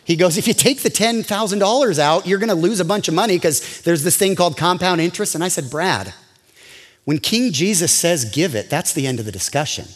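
A man preaching a sermon as a pastor, telling a personal story with animated delivery and acted-out dialogue. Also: high-pitched, a little fast, slightly rough, big-room sound.

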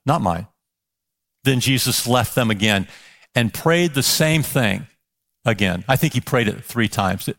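A man's voice: mid-range voice, fairly bright tone. A male pastor preaching a sermon with passion, firing off rhetorical questions and repeating words as he builds.

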